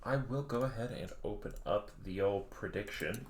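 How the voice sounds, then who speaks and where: A man's voice: fairly low pitch, moderate pace, slight background noise. A man casting an esports match on a live stream, talking in a laid-back, rambling way with joking asides. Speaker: esports caster. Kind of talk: casual live-stream commentary.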